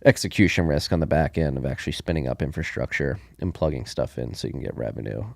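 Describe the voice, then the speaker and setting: Deep gravelly laid-back man. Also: fast, no room sound, studio quality. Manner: relaxed, thinking aloud with many fillers. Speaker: podcast co-host. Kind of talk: casual news chat.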